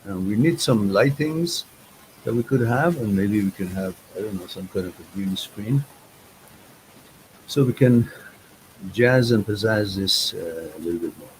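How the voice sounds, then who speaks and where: A man's voice: lowish voice, a little slow, pauses often, slight background noise, low-quality recording. A man hosting a live chat stream, talking in a loose, rambling and informal way with hesitant restarts.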